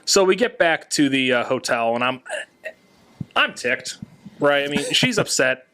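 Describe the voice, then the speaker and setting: A young man telling a family trip story on a casual podcast, animated and laughing at himself. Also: medium pitch, measured pace, clear, resonant tone.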